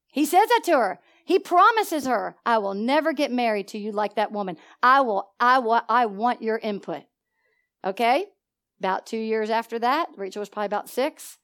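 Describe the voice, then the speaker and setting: A middle-aged woman with a slightly high voice preaches a sermon, sharing a personal story. She swings between loud and soft and keeps asking her listeners questions. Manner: asks the congregation questions.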